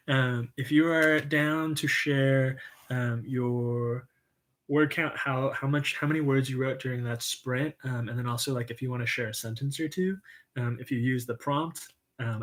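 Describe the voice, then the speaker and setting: A man hosting a casual livestream, reading viewer comments with an upbeat, encouraging manner, lots of "um" and soft laughs. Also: mid-range voice. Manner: chatty and enthusiastic, frequent "um" and soft laughs; says "y'all", upbeat and encouraging. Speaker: livestream write-in host.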